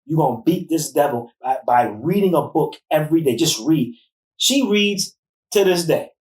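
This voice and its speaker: A woman's voice: deep voice, lively intonation, moderate pace, darkish tone. Middle-aged woman preaching a bit in casual chat, repeats herself, far off the mic in a roomy space. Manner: earnest, preachy, repeats words. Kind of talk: casual discussion.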